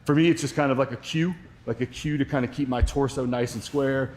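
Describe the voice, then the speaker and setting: A man's voice: medium pitch, brisk. Laid-back man coaching a workout stream. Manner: relaxed, loose, joking asides. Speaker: fitness coach hosting livestream. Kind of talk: casual explaining workout, answering chat.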